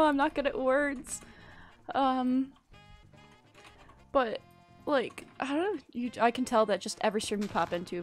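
A young woman live-streaming a building game, chatting casually and thanking viewers in a gushing, rambling way. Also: fairly high pitch. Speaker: livestreamer.

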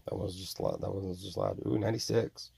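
A man's voice: low voice, fairly even intonation, creaky, dark tone, slightly rough, no room sound. A man in his forties rambling to himself in a self-recorded monologue, mumbling and stretching out his exclamations. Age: 40s. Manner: mumbling, drawn-out exclamations, voicing imagined tormentors.

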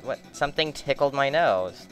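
A man's voice: mid-range voice, expressive, unhurried, soft background music. A young man giving rambling, joking gameplay commentary, swearing at the bosses as he plays. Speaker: let's play commentator.

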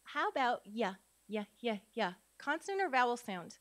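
A woman's voice: a little high, normal speed. A woman from Minnesota giving a live phonics workshop to tutors, sounding out letters and quizzing the audience. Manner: lively, demonstrates sounds aloud, asks audience questions. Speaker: literacy educator, conference speaker. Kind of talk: live teaching talk to tutors. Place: conference room.

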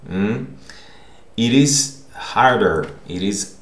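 A man's voice: on the low side, lively intonation, takes it slowly. A man teaching a language lesson, patiently explaining each point and often checking in with "okay?". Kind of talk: recorded online language lesson. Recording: echoey room.

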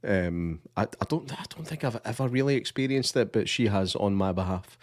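A man with a Scottish accent, co-hosting a casual podcast, relaxed and hesitant, with dry humour. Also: lowish voice, normal speed, dry recording. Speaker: podcast co-host.

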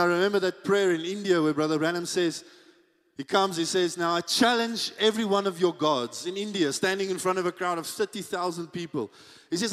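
A pastor preaching a sermon, swinging between hushed asides and shouted peaks. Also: male voice, a little high. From South Africa. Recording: church hall with long reverb.

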